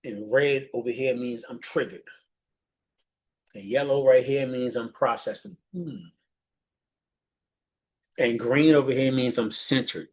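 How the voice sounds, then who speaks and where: A man giving a motivational teaching talk as a leadership mentor, animated and often restarting his phrases. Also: measured pace, long pauses, slightly rough. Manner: animated, restarts phrases often, jumps high when imitating others.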